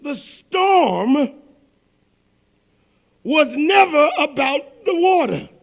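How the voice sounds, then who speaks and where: A man preaches in a very high, gravelly voice, slow and drawn out. His sermon moves between hushed near-whispers and shouted, repeated phrases. The delivery is fervent and rhythmic. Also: very animated. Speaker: pastor.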